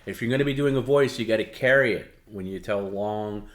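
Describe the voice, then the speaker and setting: A man's voice: lowish voice, brisk. A man co-hosting, teasingly critiquing a character voice in casual chat. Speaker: co-host coaching a voice bit.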